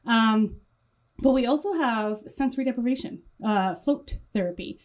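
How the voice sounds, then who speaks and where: French-accented woman, warm mellow tone, enthusiastic, piles up long lists, podcast studio guest. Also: a little high, normal speed. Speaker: guest, wellness business owner. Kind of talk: casual interview chat.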